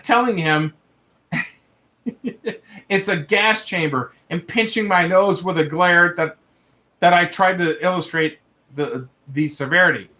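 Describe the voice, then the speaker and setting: Young male streamer, high voice, casual read-aloud, laughs and swears as he reacts. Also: slow pace, long pauses, pushed and bright. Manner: laughs through the reading, breaks off to react with swearing. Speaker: livestream host reading viewer stories. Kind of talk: casual livestream reading.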